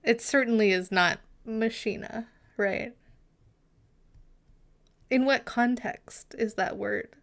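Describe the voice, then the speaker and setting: A woman's voice: a little high, takes it slowly, vocal fry, pauses often, a bit bright. A woman streamer in casual live chat with her viewers, chatty and giggly, sometimes muttering asides to herself.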